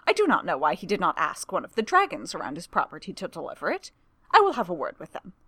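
A woman's voice: lowish voice, wildly swooping pitch, fast talker, bright, forceful tone, husky, no echo, full character voice. A woman voicing an unabashed, chattering young woman in a storybook reading. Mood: chatty.

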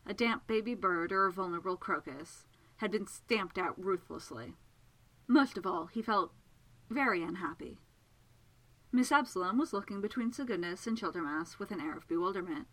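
Expressive woman narrating a story. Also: medium pitch, low-quality recording. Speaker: audiobook narrator. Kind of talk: scripted narration.

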